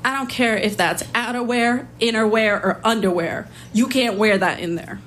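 A woman's voice: fairly high pitch, normal speed, a bit bright, slight background noise, lightly acted. A woman voicing a stern prison officer who talks in a curt, firm way.

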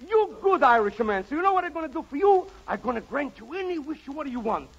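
An actor playing a brisk, matter-of-fact wish-granting magical being in a 1940s radio comedy. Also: male voice, extremely high pitch, very animated, fairly bright tone, exaggerated voice. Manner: fast, chirpy, matter-of-fact. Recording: dull lo-fi old radio recording.

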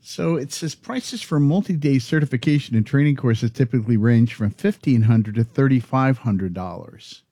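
A man co-hosting a chatty podcast. He talks conversationally and at times reads facts out loud. His voice is warm and moves a lot in pitch, recorded dry. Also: animated, normal speed, few pauses, dry recording. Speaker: podcast co-host. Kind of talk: casual chat.

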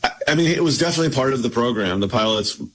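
A man's voice: mid-range voice, lively intonation, very fast, fairly bright tone, poor audio. A man, an author guest on a radio interview, explaining things at length with frequent restarts.

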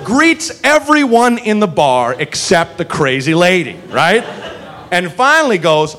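A man's voice: sits high, a little slow. A man doing stand-up, telling a profane story and acting out the people in it. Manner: animated, profane, acts out characters in his story. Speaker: stand-up comedian. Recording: live club, audience noise behind.

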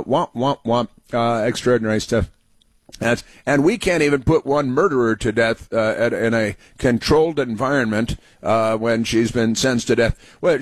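A commentary show host with a medium-pitched voice delivers a sarcastic political monologue, recorded dry. He reads headlines aloud and mocks them, with plenty of fillers and restarts.

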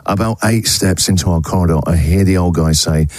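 A man's voice: low voice, a little fast, a little mellow. A man hosting a breakfast radio show in casual chat, reading a listener's story aloud and laughing along. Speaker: radio host. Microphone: studio microphone.

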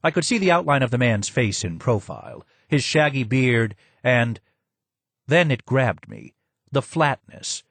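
A man's voice: medium pitch, sing-song, vocal fry, a bit bright, breathy edge, no echo. Man narrating an audiobook. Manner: measured, descriptive storytelling. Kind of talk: first-person audiobook narration.

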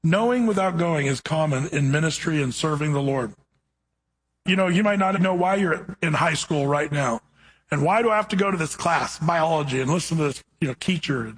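A man's voice: a little high, lively intonation, normal speed, breathy edge, poor audio. A man preaching a conversational sermon, telling stories as he teaches from scripture. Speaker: pastor.

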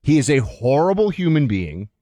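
A man co-hosting a political talk show, indignant, his voice swinging high when he gets heated. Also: big pitch swings, normal speed, warm tone, no room sound. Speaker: radio co-host.

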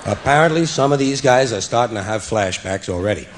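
A man doing a stand-up routine in a wry, deadpan way. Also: fairly low pitch, a little fast, slight background noise. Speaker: stand-up comedian.

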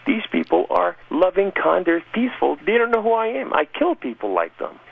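Radio guest, man, gravelly mid-range voice, earnest and emphatic testimony, phone-thin audio. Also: high voice, big pitch swings, brisk, phone-quality sound. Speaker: guest telling his conversion testimony. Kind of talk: personal testimony in a radio interview.

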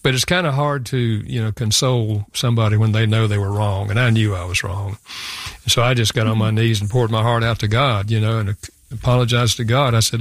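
A man's voice: on the low side, steady tone, brisk, no room sound. An older man, a guest author, earnestly telling a personal story in an interview and often repeating words as he thinks aloud.

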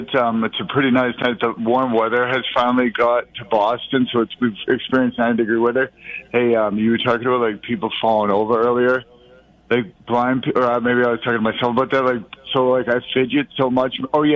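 Male radio regular, mid-pitched, rambling, easily riled, dull lo-fi sound. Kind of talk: casual radio banter. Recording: dull lo-fi audio.

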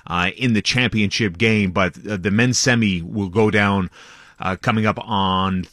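A man's voice: lowish voice, steady tone, measured pace, a bit bright, no room sound, clean studio sound. A man giving a loose, chatty sports update on morning radio, laughing along with the host. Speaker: sports reporter. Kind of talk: casual radio sports chat.

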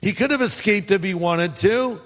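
A pastor from California preaches in a high-pitched male voice, loose and conversational, dropping playful asides between points. His voice rings out with a long reverb, as in a large church auditorium. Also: moderate pace. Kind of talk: sermon.

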